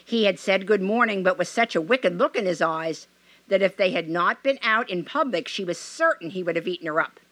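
A woman reading a fairy tale aloud in an expressive, measured way. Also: on the low side, dry recording.

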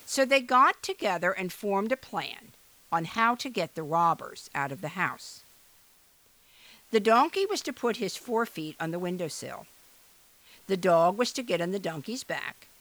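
A woman reading a children's fairy tale aloud in an expressive, animated way. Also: fairly low pitch, a little slow. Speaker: storyteller. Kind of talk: storybook read-aloud.

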